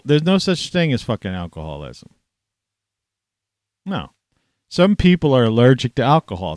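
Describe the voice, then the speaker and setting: A low-pitched man rants to the camera as a vlogger, rambling and profane in a dry recording. He's scornful, swears constantly, and breaks into sudden loud outbursts.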